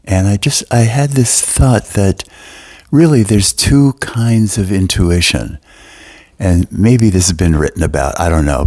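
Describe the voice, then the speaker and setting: An older man talking in a gentle, soft-spoken and reflective way as a podcast co-host sharing spiritual thoughts. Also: low-pitched. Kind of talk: casual spiritual talk.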